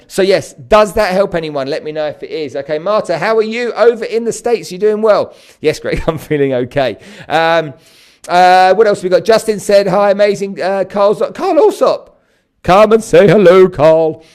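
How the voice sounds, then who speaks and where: An energetic man, hosting a live stream to viewers and often checking in with "okay?". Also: fairly high pitch. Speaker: host.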